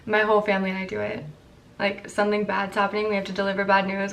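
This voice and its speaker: A young woman in her twenties with a croaky morning voice, chatting candidly and rambling to camera as a vlogger. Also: mid-range voice, completely flat delivery, fast, a bit bright, far from the mic, slight background noise. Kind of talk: casual chat to camera.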